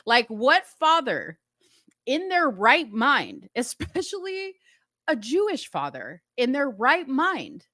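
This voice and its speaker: Indignant woman host, bright tense voice. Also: sits high, huge pitch swings, slow pace, no room sound, clean studio sound. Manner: incredulous, indignant, laughing asides. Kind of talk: opinionated commentary on a TV show.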